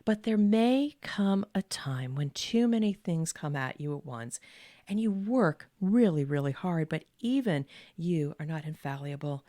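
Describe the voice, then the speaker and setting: Middle-aged woman host, low steady voice, calm measured delivery, dry close room. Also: no echo. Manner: calm, measured, with deliberate pauses; earnest and encouraging, repeats key words. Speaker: podcast host and executive coach. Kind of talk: direct-to-camera advice talk.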